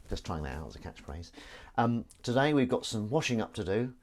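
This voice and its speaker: A man's voice: on the low side, sing-song, a little fast, a little hiss or hum. Man chatting over clattering dishes. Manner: chatty, self-aware, jokey. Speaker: live-stream host. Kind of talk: casual rambling monologue. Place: home kitchen at the sink. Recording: clattering dishes and cutlery behind.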